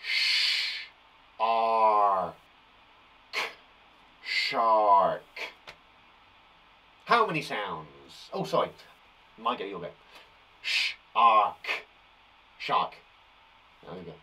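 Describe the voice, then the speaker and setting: Man, phonics teacher, blocked nose, slow careful sounding out, lively up-and-down pitch. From England. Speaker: primary school teacher. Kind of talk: live phonics lesson for young children.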